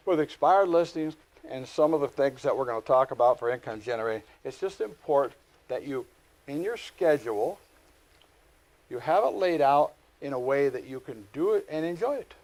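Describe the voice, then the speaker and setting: A middle-aged man teaching a live real estate class, lecturing with folksy stories and animated asides. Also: a little high.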